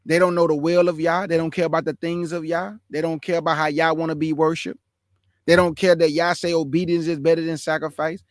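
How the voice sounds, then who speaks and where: A man preaching in a high, forceful register, hammering his points home with repeated phrases. The recording is dry and close, with no room sound around him. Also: little pitch movement, fairly quick, no echo. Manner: emphatic, repetitive preaching cadence. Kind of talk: impassioned sermon.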